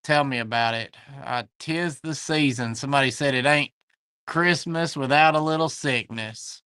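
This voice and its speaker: A man's voice: medium pitch, normal speed, bright, forceful tone, clear, resonant tone, dry recording. A man with a Southern US accent hosting a live online antique sale from his shop, chatting folksily and greeting viewers by name. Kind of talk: livestream chat, reading viewer comments.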